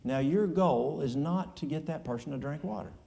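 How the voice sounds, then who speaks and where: Church elder, male, East Tennessee Appalachian accent, folksy and plain-spoken, dark gravelly tone. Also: a little high, normal speed. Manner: folksy, plain-spoken, drawling with colloquial speech. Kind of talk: answering audience questions in church.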